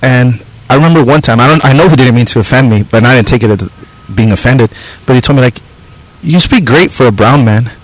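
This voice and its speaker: A man's voice: medium pitch, quick pace, no room sound, low-quality recording. A man hosting a podcast, talking bluntly and casually with lots of "like" and "you know". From Mexican-American. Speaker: podcast host. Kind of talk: casual conversation.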